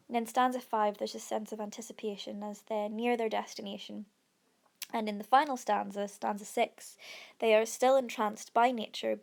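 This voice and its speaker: A woman teaching a lesson analysing a poem, explaining step by step with frequent pauses and fillers. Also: mid-range voice, vocal fry, darkish tone. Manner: explanatory, with frequent ums and restarts. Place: recorded over an iPad whiteboard presentation.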